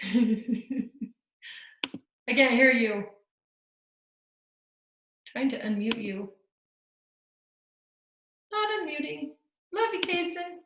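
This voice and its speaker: A woman's voice: high-pitched, lively intonation, drawn-out words, pauses often, a bit bright, a little hiss or hum. A woman teaching a live online art class to children over a video call, full of gushing, encouraging praise. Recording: echoey room.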